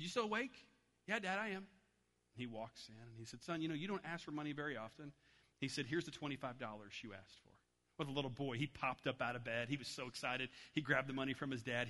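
A man's voice: medium pitch, sharp tone. Man preaching in a reverberant hall. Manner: storytelling, acts out voices in anecdotes. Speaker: pastor. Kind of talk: sermon.

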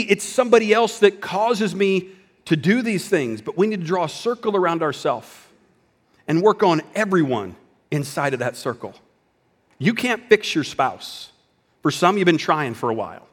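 Man preaching a sermon in a hall. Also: fairly high pitch. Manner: conversational preaching with dramatic drops to a whisper. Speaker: pastor.

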